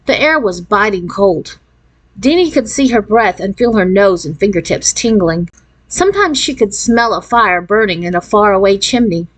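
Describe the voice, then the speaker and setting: A woman reading a children's novel aloud in an expressive storytelling manner, lifting her voice for the characters' lines. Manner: expressive storytelling, raising pitch for quoted voices. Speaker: narrator.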